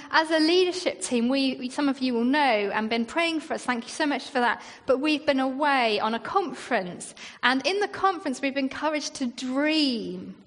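Woman giving a chatty sermon, lots of "isn't it?" questions, high voice. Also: fairly bright tone. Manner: conversational, with rhetorical questions and acted-out quotes. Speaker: church leader preaching. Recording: long reverb in a hall.

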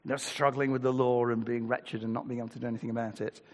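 A man's voice: medium pitch, little pitch movement, fast talker, darkish tone. Older male preacher in a reverberant hall. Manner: conversational, with rhetorical questions and scripture readings. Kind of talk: sermon.

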